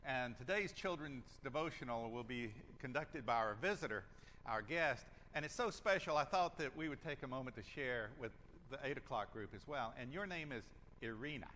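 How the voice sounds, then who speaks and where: A man with a Southern American accent, speaking as a pastor to his congregation in a gentle, chatty way with some restarts. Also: medium pitch, expressive, normal speed, slight background noise. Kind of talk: casual church announcements. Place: church sanctuary. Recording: hall reverb with faint ambience.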